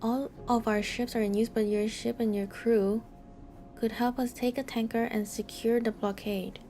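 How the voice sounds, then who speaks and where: A woman's voice: on the high side, little pitch movement, moderate pace, mellow, natural voice. A woman voicing a defiant strike leader with a put-on Mexican Spanish accent, reading game dialogue in a firm, commanding way.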